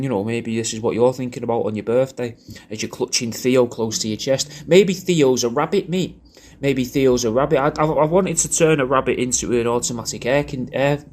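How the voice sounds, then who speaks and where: Rambling bloke with crude jokes. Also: male voice, medium pitch, a little mellow. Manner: rambling, crude, jokey, repeats himself. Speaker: comedian recording a personalised video message. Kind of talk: rambling crude birthday shout-out.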